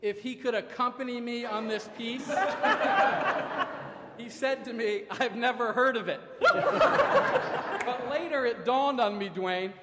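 High-voiced, slow-talking pastor in an echoey church. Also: male voice, very animated, heavy background noise. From Ohio, USA. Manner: self-deprecating, wry storytelling with comic timing. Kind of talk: sermon. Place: church sanctuary. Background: congregation laughing.

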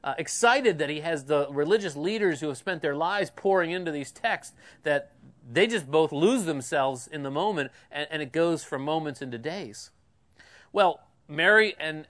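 A male pastor giving a sermon, speaking in a conversational way with questions to the congregation and swings between loud emphasis and quiet asides. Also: on the high side.

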